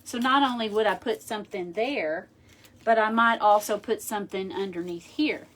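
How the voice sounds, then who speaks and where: A woman's voice: medium pitch, moderate pace, fairly bright tone. A woman hosting a craft tutorial, chatting casually and thinking aloud as she works. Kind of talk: casual how-to demonstration.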